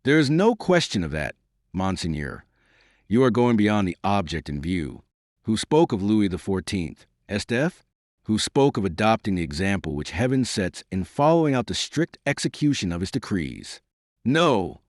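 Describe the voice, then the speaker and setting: Calm icy plotter, low and dry, disdain in every word, narrator doing the voice. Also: male voice, normal speed, no room sound. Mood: coldly assured. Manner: cool, tranquil, quietly disdainful. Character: cold scheming male conspirator, calm and disdainful.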